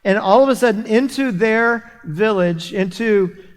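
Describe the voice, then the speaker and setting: A man's voice: high voice, unhurried. A man, preaching a sermon as a pastor, telling a story with many restarts and repeated words. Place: church sanctuary. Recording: long hall reverb.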